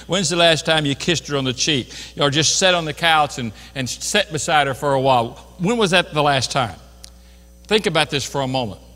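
A man's voice: a little high, pushed and bright, long reverb tail. An older man, a pastor, preaching a sermon with earnest, folksy asides.

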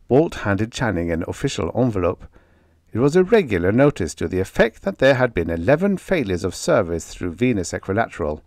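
Lively male audiobook narrator. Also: fairly low pitch, normal speed, gravelly, no echo, clean studio sound.

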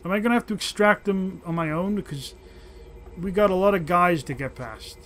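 Brief: high-pitched male let's-player, excitable, swears a lot, chatty play-by-play. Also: fairly quick, slight background noise. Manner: excitable, profane, talks to his dog companion. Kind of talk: casual gameplay commentary.

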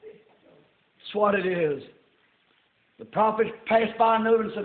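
An older man preaching a sermon in a church, folksy and rising to shouts. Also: sits high, measured pace. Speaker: pastor. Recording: tinny roomy old sermon tape.

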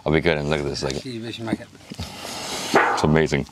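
A man making a casual, excited travel vlog outdoors at a camel farm, gasping and exclaiming as he films. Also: a bass voice, moderate pace, very noisy. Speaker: travel vlogger.

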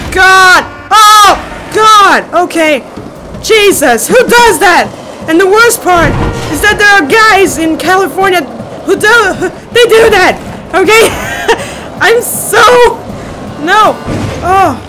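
A young woman hosting a gaming channel, excitedly playing a VR racing game, yelping and laughing. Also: very high-pitched, slow, noisy background. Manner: excitable, shrieking and laughing a lot. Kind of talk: screaming VR gameplay commentary. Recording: game music underneath.

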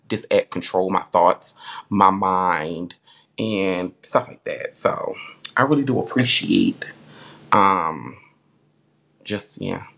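A man's voice: sits low, creaky, a bit bright. A man hosting a live stream, chatting casually in a heartfelt, rambling way full of filler words.

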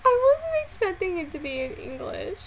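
A woman hosting a casual music reaction vlog, excitable and given to loud, dramatic exclamations and frequent swearing. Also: extremely high pitch, normal speed, a little hiss or hum.

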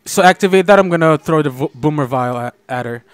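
A young man hosting a gaming channel, chatting casually and reacting excitedly while playing a co-op game with a friend. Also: fairly high pitch, clean tone. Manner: excitable, joking, quick reactions. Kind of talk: casual co-op gameplay chat.

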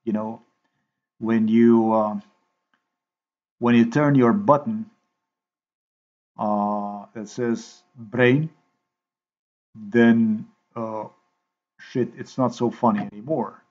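A man with a slightly low voice talks through a video edit, half to himself and half to his viewers. He loops back over phrases, stalls on fillers and repeats lines over and over. The recording sounds dull and lo-fi. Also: fairly even intonation. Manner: repetitive, halting, thinks aloud with many fillers. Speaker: video maker. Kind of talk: rambling monologue while editing a video.

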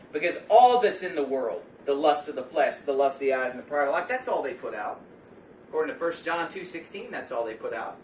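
A man preaching a fervent sermon as pastor, swinging from quiet passages to loud shouts. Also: fairly high pitch, slight background noise. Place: church. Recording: echoey church from far off.

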